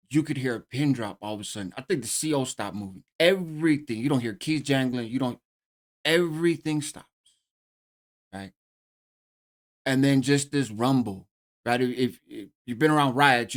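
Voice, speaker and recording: A middle-aged man casually telling a story in streetwise slang, often checking in with "right?". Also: medium pitch. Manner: streetwise slang, frequent "right?" tag questions. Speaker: host telling a prison story.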